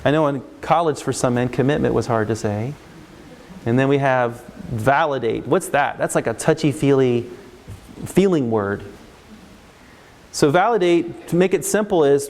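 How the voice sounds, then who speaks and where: Middle-aged male counselor, workshop talk, fairly high voice, long hall reverb. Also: moderate pace. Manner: animated, acts out parents and kids in raised voices. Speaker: counselor giving a parenting talk. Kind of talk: live workshop talk to an audience. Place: large hall with live audience.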